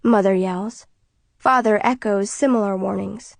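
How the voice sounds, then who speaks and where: A woman narrating an audiobook in the first person, in a quiet, tense manner. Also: mid-range voice, fairly even intonation, moderate pace, dry recording.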